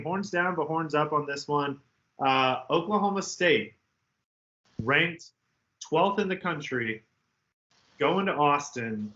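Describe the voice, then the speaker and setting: A man's voice: on the high side, highs cut off. A man co-hosting a podcast, chatting casually and animatedly about betting picks. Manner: animated, mimics people in loud outbursts. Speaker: podcast co-host. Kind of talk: casual sports betting chat.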